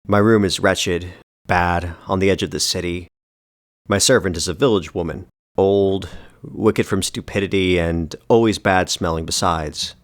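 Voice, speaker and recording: A man narrating a first-person novel as an audiobook, with a measured, deliberate and bitterly ironic delivery. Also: sits low, fairly even intonation, no room sound, clean studio sound.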